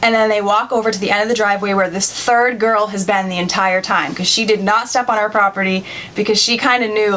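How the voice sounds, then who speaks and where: A woman's voice: mid-range voice, fairly bright tone, a little hiss or hum, low-quality recording. A young woman vlogger telling a storytime tale in a chatty way, laughing often and acting out the people she quotes. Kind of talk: casual storytime.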